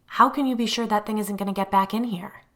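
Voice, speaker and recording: A woman's voice: mid-range voice, steady tone, quick pace, voice pushed up, lightly acted. Woman doing a frightened, angry husband. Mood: anxious. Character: frightened, worried adult husband.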